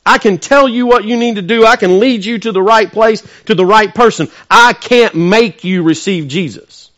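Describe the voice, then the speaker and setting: Male pastor, high tenor voice, emphatic preaching that swells loud then drops to hushed asides, asks the congregation questions. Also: moderate pace. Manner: emphatic preaching, rising to loud peaks and dropping to soft, intimate asides. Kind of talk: sermon.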